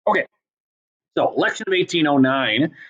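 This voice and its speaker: Chatty man lecturing, somewhat high voice. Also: expressive, a bit bright, muffled recording. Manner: casual, chatty, with frequent ums and quick asides. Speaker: history teacher. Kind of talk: recorded classroom lecture.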